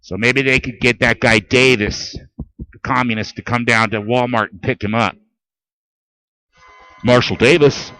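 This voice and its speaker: A man hosting a call-in talk radio show, ranting in a profane, heated way and shouting at times. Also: mid-range voice, steady tone, unhurried, long pauses, poor audio.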